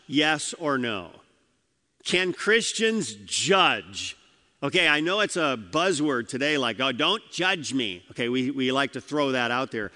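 Emphatic preacher in a reverberant hall. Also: male voice, medium pitch, bright, forceful tone. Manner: emphatic, asks the congregation questions. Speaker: pastor. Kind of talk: sermon with scripture reading.

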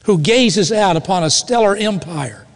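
A man preaching a sermon with emphatic, slow dramatic pauses. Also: sits high, animated. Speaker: pastor. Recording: reverberant hall.

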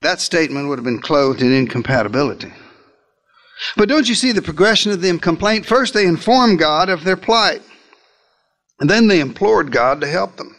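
A man's voice: on the high side, lively intonation, normal speed, fairly bright tone. A male preacher delivering a sermon, retelling scripture as a dramatic first-person story and speaking directly to his listeners.

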